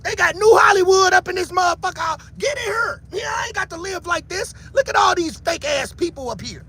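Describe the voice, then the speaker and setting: Loud, taunting man on a heated livestream. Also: extremely high pitch, expressive, a little fast. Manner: loud, shouting, taunting, catchphrase-heavy. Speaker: livestream commentator.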